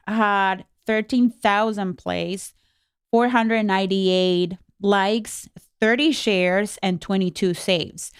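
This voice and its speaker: A woman's voice: mid-range voice, clear, resonant tone, dry recording, clean studio sound. A woman whose first language is Spanish, co-hosting a podcast in casual, candid chat, with fillers and restarts. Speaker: podcast co-host.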